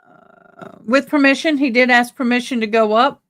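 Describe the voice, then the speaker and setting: Here a woman with a highish, slightly bright voice speaks at a moderate pace, her intonation fairly even. She's running a laid-back livestream about a trial, talking casually and reading viewers' comments aloud.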